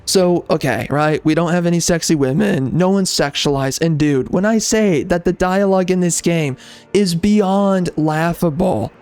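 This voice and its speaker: A man's voice: a little high, moderate pace, a little mellow, clean tone. A man giving a ranting video game review, exasperated and emphatic, repeating himself and tossing in slang and fillers. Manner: frequent filler words and restarts, casual slang.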